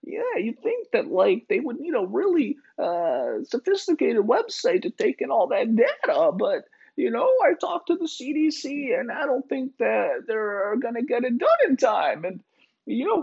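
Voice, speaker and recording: A man doing a mocking impression of a nerdy, fussy middle-aged tech billionaire who talks in halting phrases with fillers. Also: extremely high pitch, sing-song, creaky, slightly rough, pitched above the performer's own voice, heavily acted. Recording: dull lo-fi recording.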